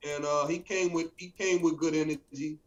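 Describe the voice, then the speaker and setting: A man's voice: on the high side, steady tone, normal speed, highs cut off. A man co-hosting a casual chat, laid-back and teasing, saying "man" a lot. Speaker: co-host.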